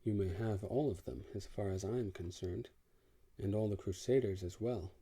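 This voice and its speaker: A man's voice: on the low side, normal speed, mellow, husky. A man reading an audiobook, voicing a brusque, disillusioned crusader prince in a blunt, sardonic way. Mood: brusque, weary.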